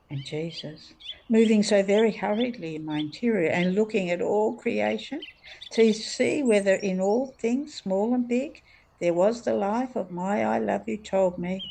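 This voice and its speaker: A woman narrating a devotional text in a slow, measured reading. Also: medium pitch, vocal fry, mellow, slight background noise. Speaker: reader.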